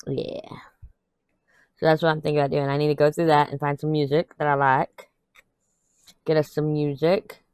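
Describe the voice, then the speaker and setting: In a dry, clean recording, a young adult woman vlogger talks to camera as she crafts, candidly rambling, venting, and laughing now and then. She speaks briskly in a low, level voice with a darkish tone.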